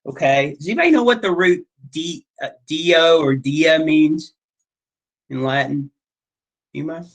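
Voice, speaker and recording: A man's voice: fairly high pitch, a little slow, rough recording. Chatty man teaching a class. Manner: chatty, filler-heavy, checks in with "okay?". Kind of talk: casual classroom lecture.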